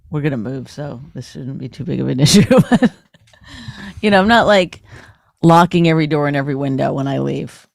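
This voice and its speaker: A woman's voice: low voice, vocal fry, no echo, clean studio sound. A middle-aged woman from Canada, co-hosting a podcast in an exasperated, teasing, bickering chat. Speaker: podcast co-host.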